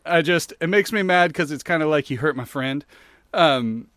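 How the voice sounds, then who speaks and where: A man's voice: on the high side, normal speed, no echo. Podcast co-host, male, rambling chatty storyteller, dry close mic. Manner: rambling, animated storyteller with many fillers. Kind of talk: casual chat.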